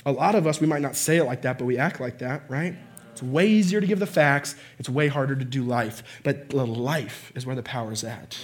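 A man preaching a conversational sermon, often checking in with "right?" and "okay?" and swinging from quiet asides to shouting. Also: mid-range voice, brisk.

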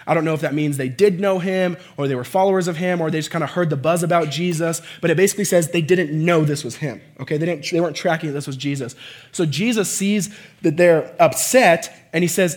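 A man preaching a conversational sermon, often checking in with "right?" and "okay?" and swinging from quiet asides to shouting. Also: a little high, fast.

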